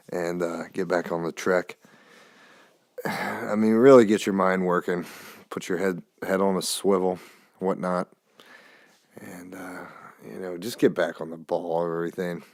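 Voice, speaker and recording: A man's voice: deep voice, steady tone, unhurried, long pauses, a little mellow, dry recording, clean studio sound. A man hosting a podcast, rambling loosely through a casual monologue and swearing now and then, recorded on a phone. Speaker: podcast host. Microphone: phone camera.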